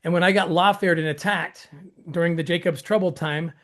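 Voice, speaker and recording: A man hosting an interview tells a long story with excitement. He acts out the voices of other people, with his pitch jumping up sharply, restarts often, and laughs as he goes. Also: brisk. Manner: excitable, acts out quoted dialogue with jumps in pitch. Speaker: host.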